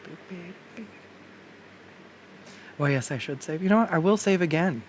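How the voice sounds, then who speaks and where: A woman's voice: on the low side, lively intonation, normal speed, slight background noise. A woman art streamer chatting casually while she draws, rambling with lots of fillers, restarts and the odd swear, recorded on a desktop USB mic at home. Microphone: desktop USB condenser mic.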